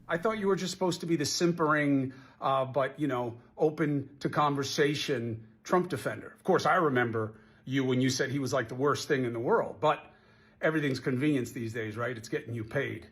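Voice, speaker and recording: A man's voice: mid-range voice, brisk. A man delivering preachy, scolding on-air commentary as a TV news commentator.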